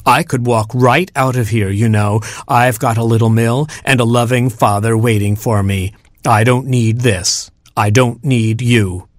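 A vain female sheep film star with a snippy, haughty drawl, put on by a male storyteller. She stretches her words out slowly and dismissively. The recording is dry and close, with no room sound. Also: mid-range voice, steady tone, no echo, natural voice. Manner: haughty, dismissive, drawn-out delivery.

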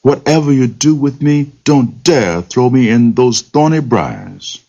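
A man voicing a frantic, tricky male rabbit in a told folktale, crying out in drawn-out pleas. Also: mid-range voice, big pitch swings, warm tone, voice pushed up. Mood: pleading. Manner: pleading, drawn-out cries. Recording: dull lo-fi recording.

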